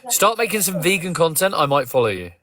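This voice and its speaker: A man's voice: on the high side, big pitch swings, quick pace, over a noisy crowd. An English man hosting a live phone-in stream in a casual, blunt and confrontational way. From England. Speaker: live stream host taking callers.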